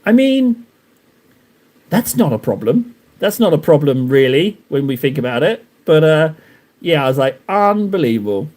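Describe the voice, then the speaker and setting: A young man rambles to his stream chat while he paints, joking at his own expense. His voice sits a little on the high side, and he talks in loose, looping sentences full of restarts. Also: expressive, moderate pace, pauses often, darkish tone. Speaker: live streamer painting miniatures. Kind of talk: casual live-stream chat.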